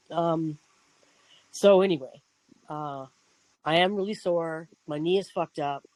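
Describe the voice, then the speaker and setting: A man's voice: on the high side, measured pace, pauses often, a little mellow, rough recording. A man hosting a talk show, telling a personal story in a rambling, casual way with frequent restarts and swearing. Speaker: podcast host.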